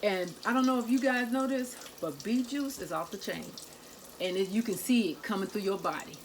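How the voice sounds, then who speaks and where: A woman's voice: mid-range voice, normal speed, slight background noise. A woman, chatting with her viewers while she cooks in her home kitchen. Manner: chatty, talks to viewers as "y'all" and "guys". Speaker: cooking vlogger. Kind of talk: casual kitchen vlog.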